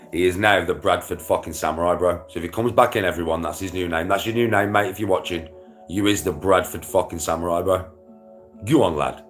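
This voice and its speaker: A man with a lowish voice rambles through casual chat to his viewers, swearing freely and laughing between thoughts. Faint music plays in the background. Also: fairly bright tone. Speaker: livestreamer.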